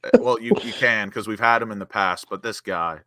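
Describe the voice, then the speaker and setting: Emotional football fan co-hosting a chat, lowish voice, bright and clear. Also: male voice, a little fast, no room sound, studio quality. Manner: passionate, emotional, quotes stats. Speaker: co-host rating players.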